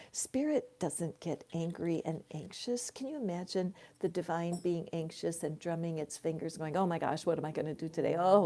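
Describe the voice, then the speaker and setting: An older woman hosting a live tarot reading from her home, talking slowly and softly and often sinking into a whisper. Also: on the low side. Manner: soft, slow, dropping often into whispers. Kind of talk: live tarot reading, casual spiritual talk. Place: her home, with her dog nearby. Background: a dog barking at times.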